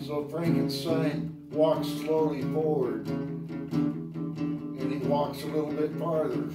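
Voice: mid-range voice, slow. A storyteller narrating an improvised tale, drifting into half-sung lines. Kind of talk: improvised storytelling over guitar. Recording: echoey, distant, loud guitar behind.

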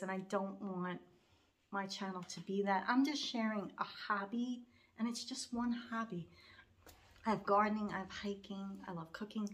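A woman's voice: mid-range voice, sharp tone. A middle-aged woman telling a personal story in a casual vlog, rambling and heartfelt, her voice wavering toward tears. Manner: rambling and heartfelt, with frequent fillers and restarts. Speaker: cross-stitch vlogger.

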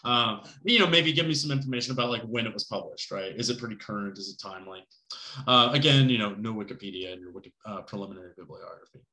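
Male college instructor, bright tone, loose chatty delivery, roomy echo. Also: lowish voice, fast talker. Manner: casual, conversational, lots of fillers and "right?" checks; joking asides. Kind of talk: recorded class lecture.

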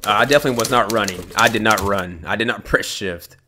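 A young man giving casual commentary on a horror game, loud, jumpy and swearing, taunting the monster and then panicking. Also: on the low side, fast talker, noisy background. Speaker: gameplay streamer.

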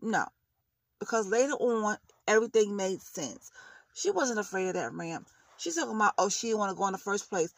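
A woman's voice: on the high side, animated, normal speed, creaky, no echo. A woman vlogger giving blunt, heated commentary on a reality show, ranting in casual slang.

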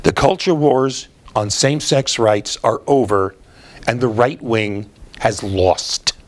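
A man's voice: medium pitch, slow pace. Male host, political commentary; sardonic, explains patiently, drops in "uh" fillers.

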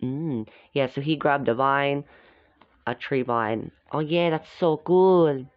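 A very deep-voiced woman reads a storybook at a slow pace, chatting casually and commenting on the pictures as she goes. The dull, dry lo-fi recording has no room sound.

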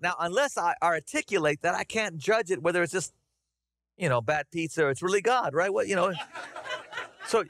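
A middle-aged man preaching a conversational, animated sermon to his congregation. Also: sits high, no echo, clean studio sound. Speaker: pastor. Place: church sanctuary.

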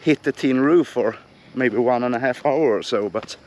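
A man with a hoarse voice chatting casually on a hike, talking in a relaxed way with restarts. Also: medium pitch, moderate pace, slight background noise. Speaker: travel vlogger. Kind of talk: casual chat while hiking. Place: outdoors on a hilltop.

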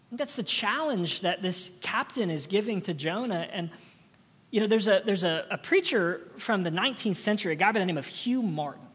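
A woman pastor preaches a sermon in an earnest, searching way, often doubling words as she builds her point. Her voice is slightly husky at a middle pitch. It rings out in the long reverb of a church sanctuary. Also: lively intonation, brisk.

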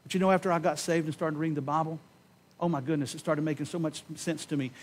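A man preaching a sermon in a church, giving an impassioned personal testimony that swings from loud emphasis to hushed tones and slows on key words. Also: fairly high pitch, fairly even intonation. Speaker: pastor. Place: church sanctuary.

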